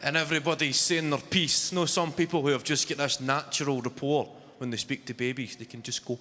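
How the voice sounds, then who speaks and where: A man's voice: fairly high pitch, steady tone, fairly quick, slight background noise. A young man in his twenties with a Glaswegian Scottish accent doing a brash, sweary stand-up routine. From Scotland. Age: 20s. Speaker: stand-up comedian. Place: large arena stage with a laughing crowd. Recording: live arena recording with long reverb and loud crowd.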